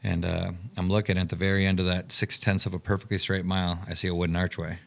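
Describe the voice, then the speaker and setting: A man's voice: deep voice, little pitch movement, fast talker, creaky. A man who owns and directs a camp, telling his story in a podcast interview and acting out the dialogue he quotes.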